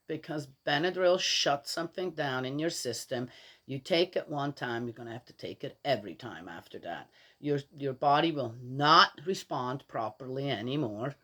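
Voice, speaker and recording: A woman's voice: extremely low pitch, fairly bright tone. An older grandmother talking in a casual, rambling monologue, opinionated and exasperated, with restarts and laughs as she tells stories. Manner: chatty, opinionated, exasperated storytelling.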